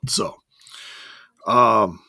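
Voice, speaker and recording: A man's voice: fairly low pitch, sing-song, drawn-out words, creaky, pushed and bright, no echo, clean studio sound. A man hosting a casual solo wrestling review, rambling and correcting himself as he goes, chuckling now and then.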